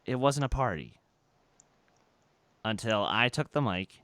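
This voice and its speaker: A young man co-hosting a podcast, telling a story in casual chat, animated and full of fillers and restarts. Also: fairly low pitch, a little slow, no room sound. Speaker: podcast co-host.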